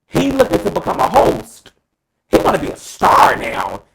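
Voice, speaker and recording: Male co-host, lively and gravelly, emphatic and profane in casual opinion talk. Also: sits high, moderate pace, slight background noise, poor audio. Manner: dramatic, emphatic, profane, addresses co-hosts by name.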